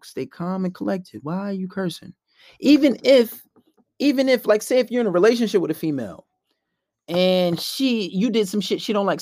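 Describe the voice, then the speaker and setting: Man, profane casual monologue, fairly high voice, dry close mic. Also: dry recording. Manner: profane, blunt, acts out both sides of arguments. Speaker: podcast host giving dating advice.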